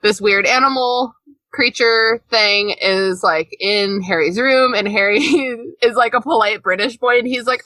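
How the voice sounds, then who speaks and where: A woman co-hosting a podcast in casual chat, animated, laughing often and swearing freely. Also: a little high, measured pace, no room sound. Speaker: podcast co-host.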